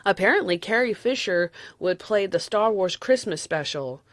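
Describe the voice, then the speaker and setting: A woman's voice: mid-range voice, expressive, moderate pace, no room sound. Rambling Southern woman reviewing a movie. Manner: rambling, candid, chuckles often. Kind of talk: casual spoken movie review.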